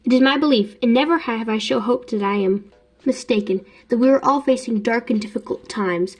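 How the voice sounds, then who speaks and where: A woman's voice: on the high side, darkish tone, close to an everyday voice. A woman reading out the lines of a wise old male headmaster wizard in her own voice. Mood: solemn. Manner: reading quotes aloud, measured.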